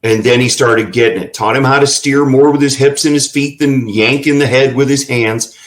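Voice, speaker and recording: A man's voice: mid-range voice, fairly even intonation, normal speed, low-quality recording. A man telling folksy anecdotes in a casual interview, with plenty of fillers. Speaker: ranch representative.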